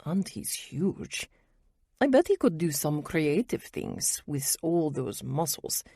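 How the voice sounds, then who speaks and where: A woman's voice: low-pitched, very animated, slow, vocal fry, mellow, breathy edge, no echo, studio quality, full character voice. A woman voicing a flirty, tipsy French woman with a thick French accent who teases boldly. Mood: teasing. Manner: teasing, bold and uncensored.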